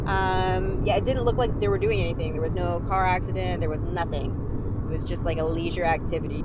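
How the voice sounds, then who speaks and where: A woman's voice: lowish voice, very noisy. A young adult woman comedian, hosting her own podcast, ranting sarcastically and with heavy swearing while driving home at night in a car. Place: car in freeway traffic at night.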